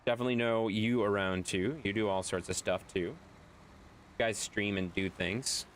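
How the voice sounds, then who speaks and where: A man's voice: fairly low pitch, fairly even intonation, moderate pace, a little hiss or hum. A man streaming live, chatting casually and rambling as he answers viewers' chat.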